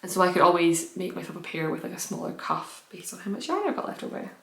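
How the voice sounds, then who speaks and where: A woman's voice: on the low side, very animated, fast, fairly bright tone. A woman hosting a knitting podcast, chatting casually and rambling with frequent self-corrections. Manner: rambling, self-interrupting, candid. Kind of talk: casual chat to camera. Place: home room in fading daylight. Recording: echoey room.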